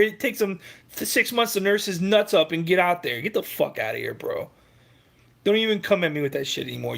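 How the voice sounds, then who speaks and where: A man's voice: sits high, creaky, a bit bright. A man hosting a heated, profane sports rant, arguing with commenters.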